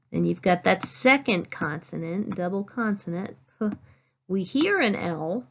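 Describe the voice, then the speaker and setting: Slow-spoken woman teaching phonics. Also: medium pitch, fairly bright tone, highs cut off. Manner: slow, clear teacherly dictation, stressing words. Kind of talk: phonics lesson.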